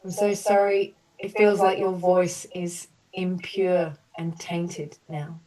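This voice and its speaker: Soothing woman coach, mellow and distant. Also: on the low side, level tone. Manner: slow, soothing repeated apologies, then loose chatty explaining. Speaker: voice coach leading an online group session. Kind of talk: guided emotional healing session.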